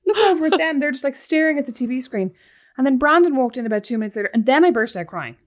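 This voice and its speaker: A woman, co-hosting a podcast, chatting casually and telling animated stories. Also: high voice, quick pace. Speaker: podcast co-host. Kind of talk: casual chat.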